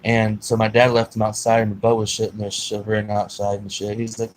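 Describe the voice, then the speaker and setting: A man's voice: on the low side, completely flat delivery, a little fast, rough recording. A man telling a personal story in a rambling, profane way, full of fillers and restarts. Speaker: vlogger telling his life story.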